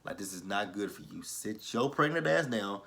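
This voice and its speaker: A young man with a somewhat low-pitched voice talks casually through a reality show recap. He is blunt and swears a lot. When he acts out what people said, his voice swings sharply up and down. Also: normal speed, vocal fry. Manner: animated, profane, re-enacts quotes with swings in pitch.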